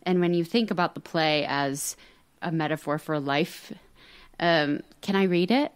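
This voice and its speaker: An American woman who acts on stage, chatting as a podcast guest in an animated, self-deprecating way with frequent laughter. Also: deep voice, unhurried, clean tone. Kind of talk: casual podcast conversation.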